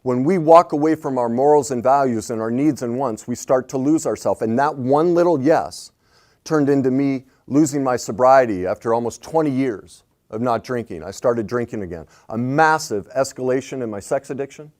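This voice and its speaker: A middle-aged man coaching on relationships, swinging between hushed reflection and loud emphatic points. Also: mid-range voice, normal speed. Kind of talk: animated advice talk.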